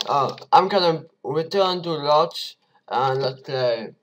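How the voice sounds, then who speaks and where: Excitable young gamer, slow-spoken. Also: male voice, on the high side, slight background noise, poor audio. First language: Dutch. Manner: excitable, swings from shouts to mumbles. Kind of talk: let's play commentary.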